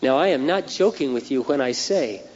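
A man's voice: mid-range voice, lively intonation, moderate pace, a little mellow, slight background noise. A man preaching a sermon, earnest and repetitive, telling stories to drive his point home. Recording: dull lo-fi recording with long hall reverb.

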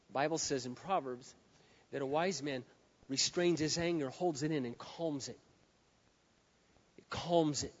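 A man preaching a sermon from the pulpit, his voice sitting a little on the high side. He swings from near-whispers to ringing shouts. The sound is dull and muffled, and it carries a long echo through a big hall. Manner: emphatic preaching, dropping to hushed lines then building to shouts. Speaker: pastor. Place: large hall with a live audience.

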